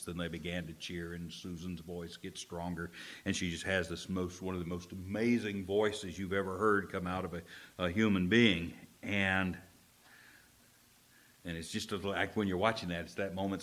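A male pastor preaching a sermon in church. He tells the story with jokes and swings between loud and hushed delivery. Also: low voice. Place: church service.

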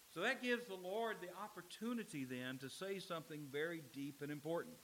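Male pastor, emphatic sermon delivery with dramatic pauses, slightly high voice, light hiss. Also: expressive, fairly bright tone, low-quality recording. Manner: emphatic preaching, dramatic pauses, acts out quoted lines.

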